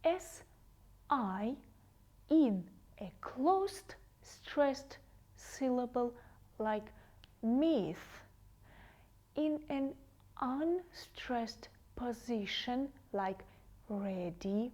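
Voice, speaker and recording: A woman English teacher giving a TV lesson to children, saying each word slowly and carefully and repeating it twice. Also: on the high side, lively intonation, a little mellow.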